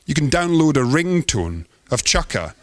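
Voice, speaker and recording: A man's voice: a little high, big pitch swings, normal speed, no room sound, clean studio sound. A man giving a theatrical, poetic performance talk as an artist on stage.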